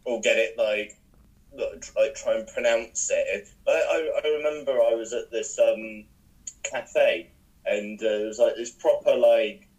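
A young man co-hosting a casual podcast, telling animated, sweary stories. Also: mid-range voice, measured pace, rough recording. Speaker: podcast co-host. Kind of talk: casual chat, storytelling.

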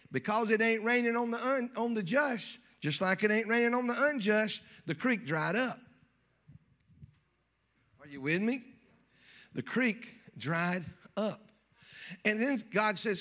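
A man preaching a folksy, joking sermon in church that builds to shouting. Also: sits high, expressive, unhurried, pauses often. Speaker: pastor.

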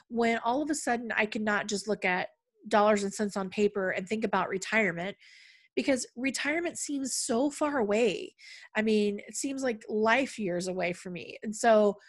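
A middle-aged woman talking in a casual, conversational way, with frequent fillers and a storytelling flow. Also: mid-range voice. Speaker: podcast speaker on money. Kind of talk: casual talk.

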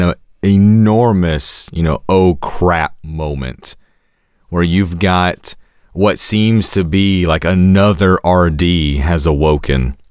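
A man co-hosting a podcast, talking slowly and reflectively with hesitations. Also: low voice, clear, resonant tone, dry recording, studio quality. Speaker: podcast co-host. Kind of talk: casual chat.

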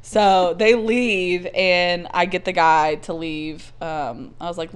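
Profane, animated woman telling stories. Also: on the low side, takes it slowly, hardly any pauses, clean tone. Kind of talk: casual chat, storytelling.

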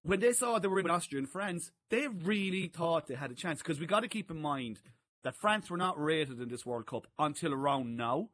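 A man telling a story in a casual podcast chat, animated and laughing. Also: a little high, moderate pace. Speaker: podcast co-host.

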